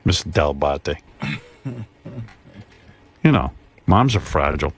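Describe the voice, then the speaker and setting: A man's voice: extremely low pitch, very animated, slow, slightly rough. A man hosting a radio talk show, telling stories in a self-mocking, laughing way.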